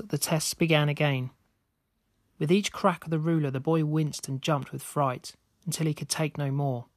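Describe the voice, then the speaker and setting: A man reading a scripted spooky story aloud in a steady, measured way. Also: on the high side, no room sound, clean studio sound. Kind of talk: scripted narration.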